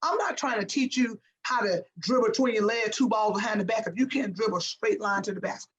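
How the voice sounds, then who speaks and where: A woman's voice: a little high, quick pace, muffled recording. A woman guest speaking as a basketball coach, emphatic and motivational, repeating phrases for effect. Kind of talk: motivational interview talk.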